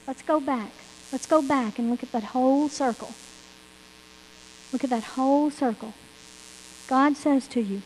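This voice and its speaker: A woman with a high voice preaches a sermon, pressing each point with emphatic repetition and frequent scripture quotes. Her voice rings out with a long reverb from a church hall. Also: a little slow, pauses often, a little mellow, a little hiss or hum.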